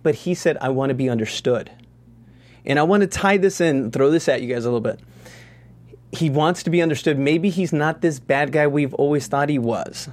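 A man hosts a television after-show, keeping the panel talking in a bright, chatty way. His voice sits a little higher than most men's. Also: normal speed. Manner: upbeat, chatty, leads the discussion. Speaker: host. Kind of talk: TV recap chat show.

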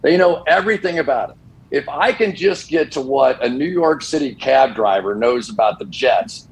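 A man's voice: medium pitch, normal speed, rough recording. An older man, a football broadcaster, telling stories casually on a sports talk show and acting out the voices of the people in them. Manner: animated storyteller who acts out quoted dialogue.

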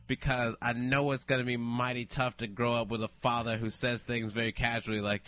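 A man's voice: medium pitch, flat delivery, brisk, few pauses, a bit bright, no room sound. A young man co-hosting a casual podcast, ranting in a heated, profane, mock-indignant way. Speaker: podcast co-host, comedian.

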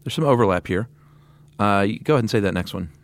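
Wry lower-voiced man on a podcast. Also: lively intonation, quick pace. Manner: wry, teasing, laughs while telling stories. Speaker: podcast co-host. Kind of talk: casual chat.

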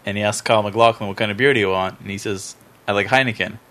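A man co-hosting a casual podcast chat, dropping quick, dry asides. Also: on the low side, steady tone, fairly bright tone.

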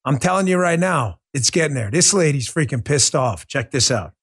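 A man hosting a political commentary podcast, talking in an animated, joking and profane way. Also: a little high, normal speed, slightly rough. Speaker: podcast host.

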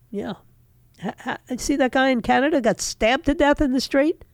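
Woman radio host, opinion monologue, punchy and indignant, lively intonation, dry close sound. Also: a little high, moderate pace, no room sound. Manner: emphatic, indignant, repeats for emphasis. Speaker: radio talk show host.

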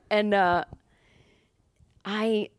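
A woman's voice: mid-range voice, steady tone, extremely slow, no room sound. Rambling woman comedian telling a story. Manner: rambling, many fillers and self-corrections. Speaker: comedian and podcast guest. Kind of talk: casual storytelling.

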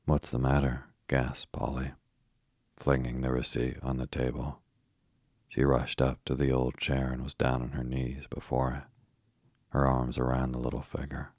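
A man narrating a children's storybook as an audiobook, reading in a steady, even way. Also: very deep voice, unhurried, no echo, studio quality. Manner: steady, even reading with little rise and fall.

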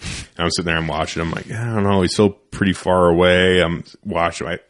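A man's voice: deep voice, steady tone, fairly quick, a bit bright. A young man hosting a podcast, telling a loose, profane, rambling story in a casual studio chat. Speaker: podcast host.

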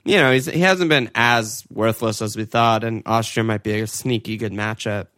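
A man's voice: fairly low pitch, normal speed, a bit bright, no room sound, clean studio sound. A man with a congested, stuffy voice, co-hosting a casual sports chat, rambling with lots of fillers and swearing. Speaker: podcast co-host. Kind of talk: casual fantasy football chat.

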